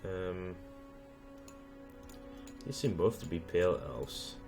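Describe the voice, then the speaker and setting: Man, let's play host, low-ish voice, hesitant and casual, lots of ums. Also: expressive, takes it slowly, a little mellow, faint music behind. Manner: hesitant, thinking aloud with many fillers. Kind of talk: casual gameplay commentary.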